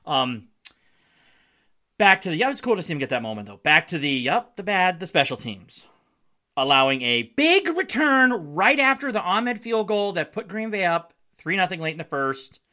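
A male podcast host riffing on his team's latest game in a loose, joking way, with frequent laughs. His voice is bright and forward, and his pitch rises and falls a lot. He sounds casual and chatty. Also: big pitch swings, moderate pace. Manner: joking, wry, laughs often. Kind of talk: casual solo sports podcast.

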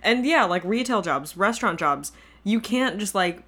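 A woman's voice: medium pitch, lively intonation, moderate pace, a bit bright. A woman co-hosting a podcast in casual chat, rambling with asides and frequent laughs. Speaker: podcast co-host.

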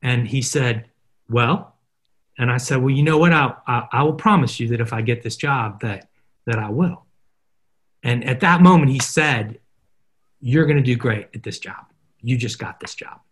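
Husky-voiced man telling animated stories. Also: medium pitch, normal speed. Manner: animated, acts out dialogue in stories. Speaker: podcast guest, marketer. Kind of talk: casual interview storytelling.

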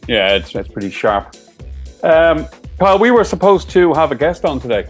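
A man co-hosting a podcast in loose, teasing banter, laughing and swearing as he goes. His pitch sits a touch high and swings about a lot. Faint music plays underneath. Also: big pitch swings, normal speed, slightly rough. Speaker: podcast co-host.

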